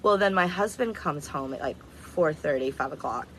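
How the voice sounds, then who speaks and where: A woman's voice: sits low, expressive, normal speed, fairly bright tone, slight background noise, poor audio. A woman casually telling a personal story, blunt and candid, swearing freely and rambling. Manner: rambling, repeats herself.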